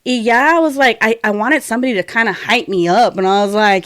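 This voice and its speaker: A woman's voice: medium pitch, fairly quick, few pauses, no room sound, studio quality. A young woman co-hosting a podcast, telling a personal story in casual chat, acting out quotes and dropping in Spanish words. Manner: animated, acts out quotes, mixes in Spanish words. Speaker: podcast co-host.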